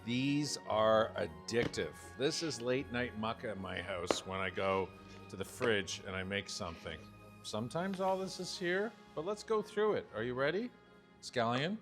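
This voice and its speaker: A man's voice: mid-range voice, lively intonation, normal speed, over music. A man in his fifties, a chef giving a chatty, joking cooking demonstration. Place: home-style kitchen. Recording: kitchen clatter of pans and cutlery.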